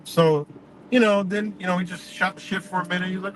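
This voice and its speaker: A man with a high-sitting voice speaks briskly and with fairly even intonation. Driving on a highway while live streaming, he laughs a lot as he tells a wandering, profanity-laced story. The faint noise of the road and vehicle carries in the background.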